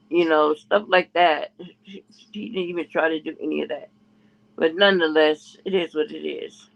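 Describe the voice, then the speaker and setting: Gravelly man telling gossip, lo-fi. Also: a little high, steady tone, normal speed. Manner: rambling, restarts often, quotes others in a raised voice. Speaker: podcast co-host. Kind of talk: casual gossip storytelling. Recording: muffled lo-fi audio.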